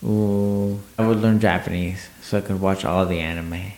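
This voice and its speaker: Easygoing male co-host, low gravelly voice, echoey room, relaxed banter. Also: moderate pace. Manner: easygoing, lots of agreeing. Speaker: podcast co-host. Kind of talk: casual chat.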